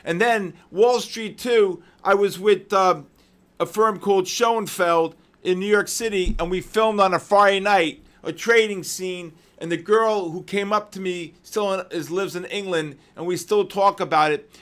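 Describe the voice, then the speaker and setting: A man hosting a live trading session, excitedly shouting out viewers' names with heavy market jargon, then dropping to weary muttering over questions. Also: moderate pace, clean tone. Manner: drops to low, weary muttering while reading questions. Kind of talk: live trading-stream commentary.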